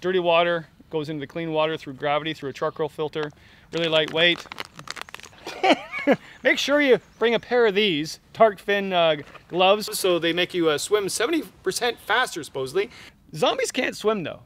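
A middle-aged Canadian man reviewing camping gear outdoors at a campsite, making jokey deadpan asides between many fillers. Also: high voice, normal speed, slight background noise. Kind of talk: joking gear review vlog.

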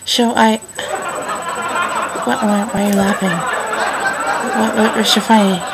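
A woman's voice: mid-range voice, little pitch movement, a little slow, heavy background noise. A teenage girl vlogging casually to her webcam at home, chatty and a little self-conscious, talking with a slight lisp from her retainer. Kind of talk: casual chat to camera.

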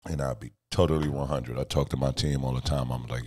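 A man's voice: a bass voice, steady tone, brisk, a little mellow, dry recording. A middle-aged man chatting casually on a live stream from his home studio, boastful, joking and profane, rambling loosely from one story to the next. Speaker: streamer and music video director.

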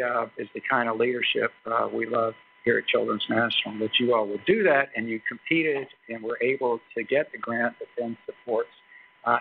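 A man giving a formal introduction of a guest speaker at a lecture, halting often with fillers and restarts. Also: medium pitch, creaky, slightly rough. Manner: hesitant, many fillers and restarts. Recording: tinny phone-like recording.

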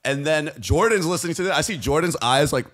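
A man's voice: fairly high pitch, fast. A young man co-hosting a podcast, telling a bar story in slangy casual chat and acting out the quotes. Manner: animated, slangy, acts out quotes. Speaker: podcast co-host.

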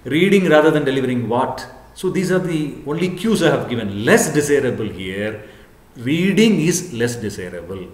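Man lecturing, professor, earnest and repetitive, mid-pitched voice, roomy echo. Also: sing-song, moderate pace. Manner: earnest, repetitive, frequent "what you call" fillers. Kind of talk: lecture to camera. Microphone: camera, speaking to camera. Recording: echoey room.

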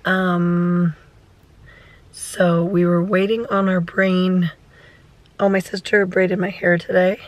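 A woman in her thirties with a hoarse voice, talking softly and a little anxiously in a casual vlog. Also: on the low side, flat delivery, a little slow, low-quality recording. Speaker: vlogger mother.

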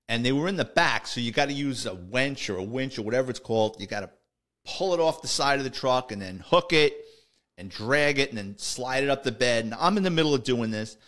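With a medium-pitched, fairly bright voice, a middle-aged former cop spins conversational yarns for a casual storytelling podcast, peppering them with "he goes" and "I says."

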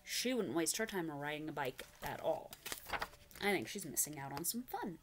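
A woman's voice: on the low side, animated, moderate pace, noisy background. A young woman reading a picture book aloud to preschoolers, asking the listener questions and making animal noises. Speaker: children's storyteller.

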